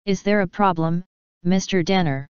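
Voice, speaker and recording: A woman's voice: on the low side, moderate pace, darkish tone, clear, resonant tone, dry recording, muffled recording, lightly acted. A woman voicing a stern female pony who is head of security, speaking firmly and giving orders. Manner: firm, commanding.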